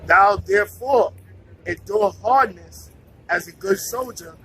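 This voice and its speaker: A man reading scripture aloud slowly and deliberately for a study partner. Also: high voice, a bit bright, slight background noise, low-quality recording. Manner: reads verses slowly and deliberately.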